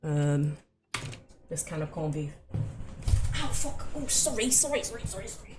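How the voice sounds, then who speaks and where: A woman's voice: deep voice, big pitch swings, moderate pace, very noisy. A young woman chatting casually to her live-stream viewers, swearing freely and laughing easily. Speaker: game streamer.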